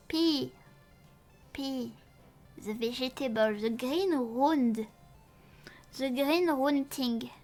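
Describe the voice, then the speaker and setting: A young woman chats loosely through a live stream, her voice sitting high. She trips over her words, restarts often and throws in playful curses. Faint music plays quietly underneath. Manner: rambling and halting, with many restarts, playful swearing. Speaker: VTuber streamer. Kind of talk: casual live-stream chat.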